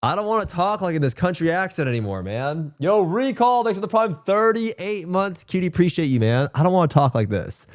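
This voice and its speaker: A man's voice: sits high, animated, a little fast, hardly any pauses, no echo, voice pushed up. Guy doing a whiny southern country drawl, keeps moaning the same lines, dry close sound. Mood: exasperated drawl. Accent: put-on Southern US country. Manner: groaning, repeating himself. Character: drawling country-accent man, grumbling.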